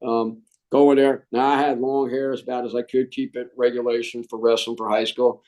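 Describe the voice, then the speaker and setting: A middle-aged man, a Marine veteran, telling stories in a casual interview, animated and jokey and saying "man" a lot. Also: medium pitch, moderate pace, poor audio.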